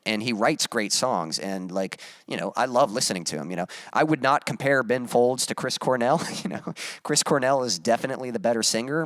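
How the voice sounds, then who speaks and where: A man's voice: mid-range voice, a bit bright, no echo, studio quality. Chatty male singer on a live stream. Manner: rambling, many fillers and restarts, demonstrates vocal exercises. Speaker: musician hosting a live stream. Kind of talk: casual live-stream chat, reading viewer comments.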